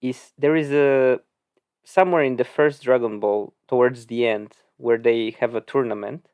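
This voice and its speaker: A man's voice: mid-range voice, steady tone, normal speed, clear, resonant tone, no echo, lo-fi sound. A man co-hosting a casual podcast, chatting loosely with many "like"s and restarts. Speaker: podcast co-host. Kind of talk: casual chat.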